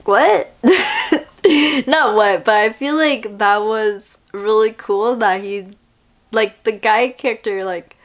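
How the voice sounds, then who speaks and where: A young woman chatting casually in a vlog, reviewing a TV drama in an excitable way, with lots of "like" and little acted-out quotes. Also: medium pitch, a little slow.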